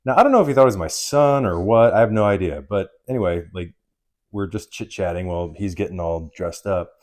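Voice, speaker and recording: Deep-voiced man telling a story. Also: a little fast. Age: 30s. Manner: animated storyteller, swears freely. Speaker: podcast co-host. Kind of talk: casual podcast chat.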